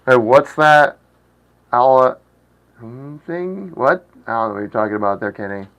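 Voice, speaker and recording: A man's voice: mid-range voice, animated, moderate pace, fairly bright tone, dull audio. A man in his thirties hosting a casual livestream, chatting with viewers, laughing often and stumbling through foreign words. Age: 30s. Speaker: livestream host.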